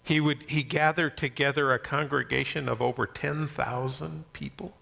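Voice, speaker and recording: Gravelly preacher in a big echoing hall. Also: male voice, a little high, fairly even intonation, moderate pace. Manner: dramatic shifts between loud emphasis and soft near-whispers. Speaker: pastor. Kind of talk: sermon.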